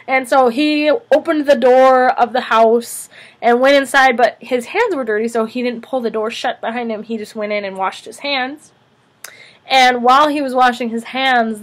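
High-voiced woman music teacher telling a story. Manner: gentle, expressive storyteller checking in with "okay?". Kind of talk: storytelling lesson for young children.

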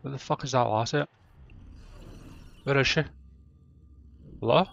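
Dude yelling and cursing while he plays, mid voice, hyped let's-play. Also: mid-range voice, a little slow, gravelly, lo-fi sound. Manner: loud, excitable, swears a lot. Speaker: gamer.

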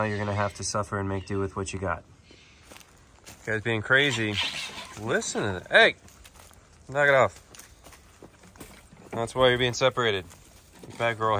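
A man with a fairly low voice vlogs from an animal sanctuary, switching between easy chat with viewers and gentle, doting talk to the animals. A faint hiss sits under the recording. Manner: coos affectionately at animals, chatty asides to viewers. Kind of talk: casual vlog while feeding animals.

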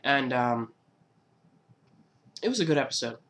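A man's voice: mid-range voice, lively intonation, unhurried, a bit bright. A man in his twenties talking casually in a countdown vlog, loose and joking, with swearing and laughs at himself. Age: 20s. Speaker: YouTuber.

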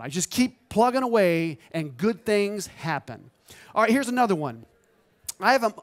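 A man in his fifties, a photographer giving an animated, motivational storytelling talk on a trade show stage. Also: high voice. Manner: animated, acts out quoted dialogue.

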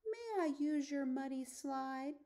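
A woman's voice: high voice, lively intonation, slow pace, voice pushed up, exaggerated voice. A woman voicing a lonely, playful little male lion cub in a picture-book read-aloud, calling out eagerly. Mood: friendly. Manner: eager, pleading, loud roaring calls.

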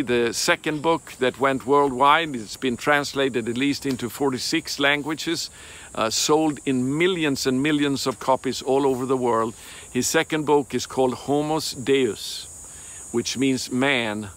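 A man giving a Bible teaching in a deliberate, emphatic way, pausing and hesitating often. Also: mid-range voice, a bit bright.

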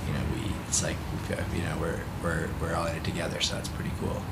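A man being interviewed as a band guest, animated and rambling, restarting his sentences. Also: extremely low pitch, quick pace, gravelly, background noise. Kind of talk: casual interview chat.

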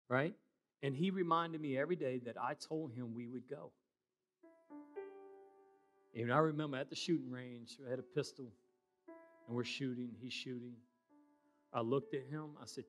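A middle-aged man preaching a sermon as pastor, loud and emphatic with quieter asides. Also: mid-range voice, moderate pace, long pauses, faint music behind.

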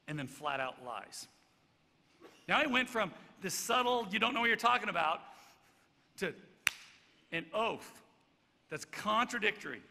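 A man preaching a sermon as pastor, swinging between loud emphatic stretches and hushed, soft passages. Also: fairly high pitch, gravelly. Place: church sanctuary. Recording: church hall reverb, faint background noise.

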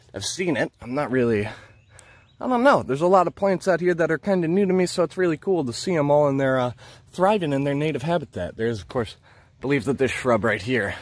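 A man's voice: mid-range voice, no echo. A man filming a walking plant tour outdoors in a peat bog on his handheld camera. He talks in an enthusiastic, rambling way and marvels aloud at the plants. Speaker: nature vlogger.

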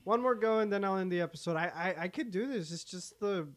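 A man's voice: high-pitched, fast. Young man chatting over gameplay. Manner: laid-back, swears freely. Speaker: gaming channel host. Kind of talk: casual let's-play chat.

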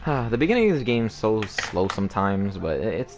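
A man doing joking, excitable let's play commentary, talking over cutscenes. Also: lowish voice, brisk, few pauses. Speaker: game streamer. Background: game music.

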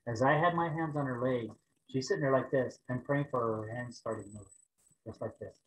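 A man preaching over a video call, telling a personal story in an animated way and raising his voice for the prayers. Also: medium pitch, a little fast, echoey room, slight background noise, poor audio. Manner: animated storytelling, rising to loud exclaims when acting out prayers. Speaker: pastor.

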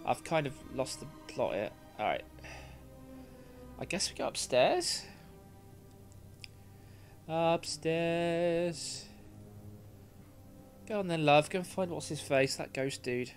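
British streamer, sweary jumpy game commentary, slow drawl, swinging pitch, faint music behind. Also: animated. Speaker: gaming streamer. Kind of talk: let's play commentary.

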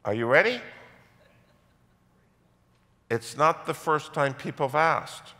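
A middle-aged man preaches to his congregation, spinning a story with playful self-mockery. His voice swoops lively up and down, and it rings out with the long reverb of a large church hall. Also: a little high, slow. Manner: animated storytelling with self-mocking humor. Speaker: pastor. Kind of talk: sermon.

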